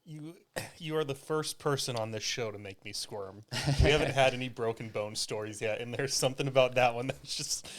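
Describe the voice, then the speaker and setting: Podcast host guy, mid voice, jumps in with quick questions and laughs. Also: mid-range voice, slight background noise. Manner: reacts with short questions and laughs. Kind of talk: casual interview.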